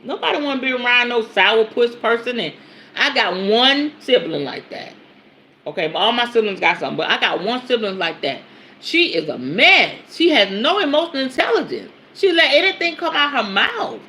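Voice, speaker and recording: Animated woman preaching about emotions. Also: moderate pace, slight background noise. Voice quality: lively, animated pitch swings. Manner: earthy, emphatic, swears casually, laughs often. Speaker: podcast host and spiritual teacher. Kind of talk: casual spoken teaching monologue.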